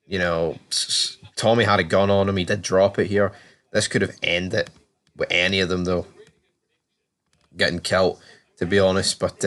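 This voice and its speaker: A man with a somewhat low voice talks through a TV season in a loose, chatty recap. He swears freely and slips into quick quoted lines from the characters as he goes, keeping it conversational rather than scripted. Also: fairly bright tone. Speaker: TV show reviewer. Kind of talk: casual recap and commentary.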